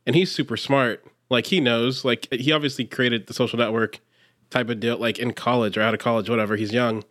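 A man's voice: mid-range voice, fairly even intonation, brisk, a bit bright, dry recording. A young man co-hosting a podcast, rambling casually and leaning heavily on "like". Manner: rambling, heavy use of "like", frequent restarts. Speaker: podcast co-host. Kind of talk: casual chat.

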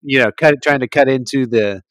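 A man's voice: mid-range voice, brisk, a bit bright, no echo. A man co-hosting a casual movie chat, easygoing, chiming in and agreeing. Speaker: podcast co-host.

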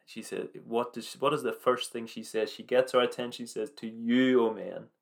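A man giving an earnest, informal devotional talk, reading scripture aloud with halting restarts and slow emphatic phrases. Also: medium pitch, little pitch movement. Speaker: preacher.

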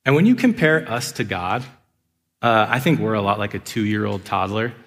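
A man's voice: fairly low pitch, lively intonation, moderate pace, a bit bright. A man in his thirties preaching as a pastor, earnest, with playful acted asides. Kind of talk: sermon. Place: church sanctuary. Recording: long reverb of a large hall.

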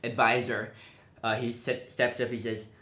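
A man narrating as game master of a tabletop game, relaxed and unhurried with fillers. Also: mid-range voice. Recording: roomy echo.

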